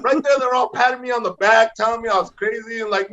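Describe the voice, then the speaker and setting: Give me a middle-aged man telling comedy stories, lively and loud, with slightly muffled audio. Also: high-pitched, fast, few pauses. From Los Angeles. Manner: energetic, repeats "bro" and "man", acts out voices. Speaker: comedian guest. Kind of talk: animated storytelling.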